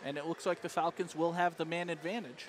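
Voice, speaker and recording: Wry high-voiced male hockey color commentator. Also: steady tone, fast, a little hiss or hum. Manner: wry, joking asides. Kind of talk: sports broadcast color commentary.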